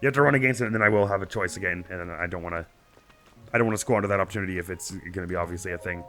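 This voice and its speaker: A young man with a slightly croaky morning voice, chatting and laughing at himself while playing a video game. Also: low-pitched, steady tone, very fast, a bit bright, soft background music. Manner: chatty, giggly, self-deprecating. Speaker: let's play host. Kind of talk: casual game commentary.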